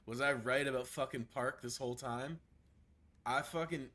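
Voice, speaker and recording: A man with a gravelly voice and a strained throat, casually talking through a game stream. He chats freely, swears often and laughs a lot. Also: medium pitch, normal speed, bright, forceful tone. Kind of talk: casual gameplay commentary.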